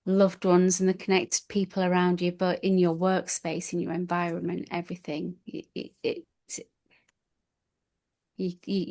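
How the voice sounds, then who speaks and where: This woman's voice sits on the low side and is a little mellow. She's at a retreat, giving reflective interview answers about her experience in a heartfelt, gushing way, often restarting her sentences.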